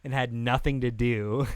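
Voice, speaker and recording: A man co-hosting a podcast in casual chat, animated, laughing often and talking with lots of filler words into a podcast mic. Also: medium pitch, takes it slowly, clear, resonant tone, no room sound. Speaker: podcast co-host. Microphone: podcast mic with pop filter.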